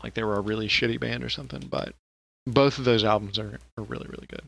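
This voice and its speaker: A man's voice: fairly low pitch, fairly even intonation, fast, vocal fry, fairly bright tone. A man co-hosting a podcast in casual, rambling chat, swearing freely and laughing often. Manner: rambling and profane, with frequent laughter. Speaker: podcast co-host.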